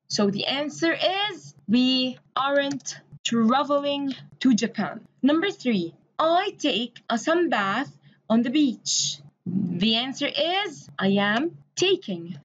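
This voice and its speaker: A woman's voice: high-pitched, big pitch swings, slow pace, dull audio, a little hiss or hum. A woman from Egypt, an English teacher giving a recorded grammar lesson, explaining step by step and spelling words out letter by letter.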